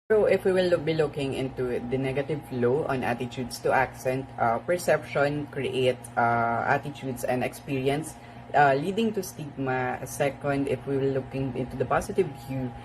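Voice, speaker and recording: A student giving a class presentation, halting and full of "uh" fillers. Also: mid-range voice, a little mellow, slight background noise, poor audio.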